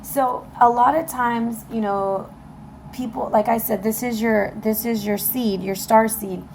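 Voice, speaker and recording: The tarot reader here is a woman with a slightly high, creaky, darkish voice, steady in tone and measured in pace, over a bit of hiss or hum. She reads cards casually and encouragingly for her viewers, checking in with "okay?" as her voice tires.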